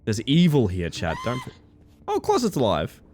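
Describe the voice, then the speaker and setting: A man live-streaming, chatting with his viewers in a playful, excitable way. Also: medium pitch, normal speed, a little hiss or hum. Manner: playful, excitable, talks to chat. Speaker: livestreamer. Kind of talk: casual live-stream chat.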